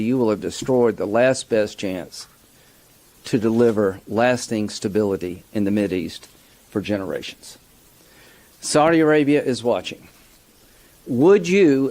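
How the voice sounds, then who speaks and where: A man delivering a forceful political speech, building from measured points to emphatic outrage. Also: mid-range voice. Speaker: lawmaker giving a speech.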